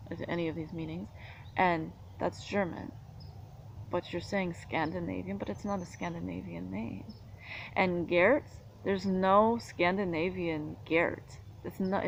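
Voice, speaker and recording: A woman's voice: fairly low pitch, gravelly, slight background noise. A woman talking casually, hesitant at times and arguing her point. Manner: argumentative, hesitant with fillers. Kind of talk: casual monologue.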